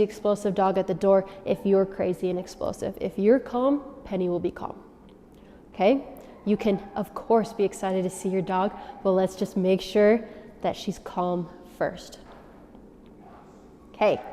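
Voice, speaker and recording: A woman dog trainer giving instructions to dog owners, often checking in with a quick "okay?". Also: medium pitch, warm tone, slight background noise. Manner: coaching, checks in with frequent "okay?". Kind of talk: instructional demonstration. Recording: long reverb.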